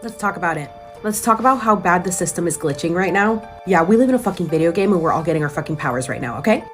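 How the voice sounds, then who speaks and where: A woman excitedly telling a strange story, swearing freely. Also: on the low side.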